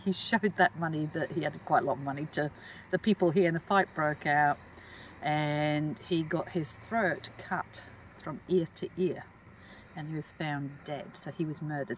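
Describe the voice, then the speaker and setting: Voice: medium pitch, a little hiss or hum. An Australian speaker chatting casually outdoors, guiding a look around old ruins in a rambling way with restarts and chuckles. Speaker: paranormal investigator guide. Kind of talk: casual on-site chat.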